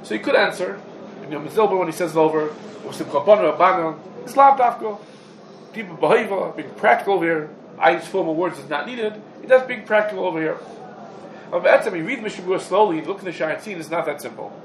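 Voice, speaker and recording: A man's voice: sits high, animated, fast. A man giving a halacha class in English, packed with Hebrew and Yiddish terms, in an echoey room. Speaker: Talmud teacher. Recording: echoey room, background noise.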